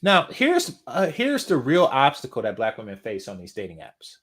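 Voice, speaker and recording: A man's voice: medium pitch, wildly swooping pitch, moderate pace, fairly bright tone. A man hosting a reaction commentary, ranting and mocking, repeating his points for emphasis. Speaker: commentary channel host.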